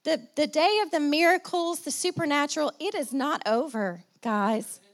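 Woman pastor, high voice, sermon delivery with call-and-response, slight cough. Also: moderate pace. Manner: preaching with call-and-response, repeating phrases for emphasis.

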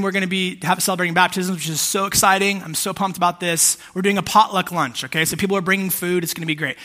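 A man's voice: high voice, pushed and bright. A man in his thirties preaching a sermon in a casual, conversational way, with fillers and asides to the congregation. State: emotional, holding back tears. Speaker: pastor.

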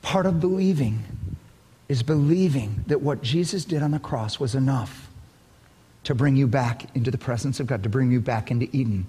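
A man's voice: mid-range voice, normal speed, husky. An older man preaching a sermon as pastor, telling stories with emphatic bursts. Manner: animated storytelling, emphatic bursts. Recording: long hall reverb.

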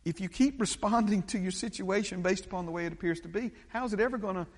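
A middle-aged pastor delivering an emphatic sermon, his voice swinging from hushed to loud. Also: quick pace. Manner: emphatic preaching with big swings in pitch and loudness. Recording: long church reverb.

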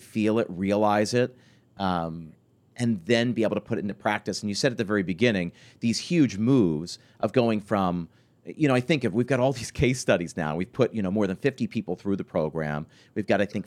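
A man in his forties, a podcast host and restaurant consultant, telling stories in a conversational interview with lots of restarts and fillers. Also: fairly low pitch. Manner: animated storytelling, many restarts and fillers.

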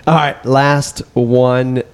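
A man's voice: mid-range voice, drawn-out words, clean tone. A man hosting a casual chat, telling stories loosely with restarts and laughs. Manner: relaxed storytelling with laughs and restarts. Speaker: podcast host.

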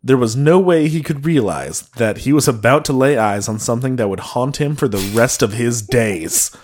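A man's voice: medium pitch, lively intonation, moderate pace, darkish tone. A man on a casual comedy podcast reading a paranormal story aloud and stopping to joke with his co-hosts. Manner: reads aloud, breaks off to joke.

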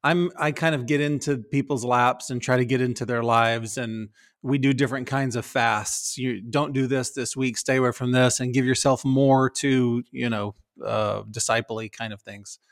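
A man's voice: mid-range voice, fairly even intonation, moderate pace, hardly any pauses. Earnest man teaching on a podcast. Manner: earnest, stumbles and restarts, playful teasing. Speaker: pastor and podcast co-host. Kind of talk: casual chat.

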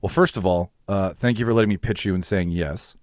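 A man's voice: sits low, brisk, a little mellow, no room sound, studio quality. A man hosting a casual podcast chat, loose and profane, laughing often. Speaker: podcast host.

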